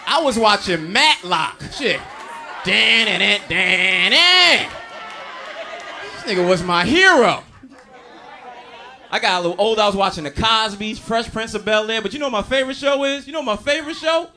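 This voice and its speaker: Brash, bright-voiced stand-up comedian man. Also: sits high, expressive, fairly quick. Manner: brash, profane, addresses the crowd directly. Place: comedy stage before a live audience. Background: audience laughter.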